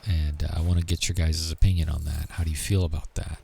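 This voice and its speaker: A man's voice: very deep voice, flat delivery, fast talker, creaky, dark tone, slight background noise. A man chatting casually to his viewers while playing a game, rambling with lots of fillers and muttering to himself. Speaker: streamer. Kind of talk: casual gaming livestream chat.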